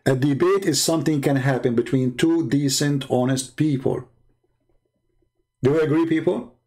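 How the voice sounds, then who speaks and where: A man hosting a debate livestream, talking in a mocking, scornful and emphatic way, with non-native English and broken grammar, his voice slightly hoarse. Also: mid-range voice, moderate pace, darkish tone. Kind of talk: livestream commentary while calling viewers.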